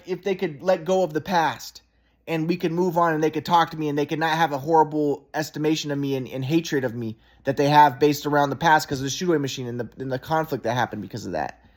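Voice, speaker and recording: A man in his thirties in a rambling, repetitive casual monologue, agitated and swearing. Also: fairly high pitch.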